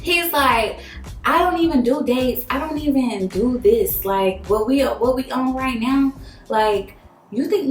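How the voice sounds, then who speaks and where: A young woman spills a dating story to her viewers, animated and profane, acting out every quote. Her voice sits a little high. The room is echoey, with faint music underneath. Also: a little slow. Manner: animated, swears freely, acts out quotes. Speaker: vlogger. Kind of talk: storytime vlog.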